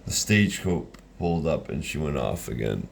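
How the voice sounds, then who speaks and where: A man's voice: a bass voice, very animated, moderate pace, gravelly, slight background noise. A man narrating a storybook reading in a loose, rambling way with restarts.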